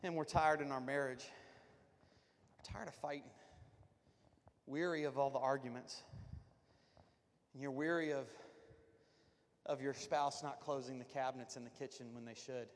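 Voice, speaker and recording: A man's voice: mid-range voice, steady tone, moderate pace, pauses often, slight background noise. A man preaching a sermon as pastor, talking to his congregation in a loose, conversational way and joking with them. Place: church sanctuary. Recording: long reverb of a church hall.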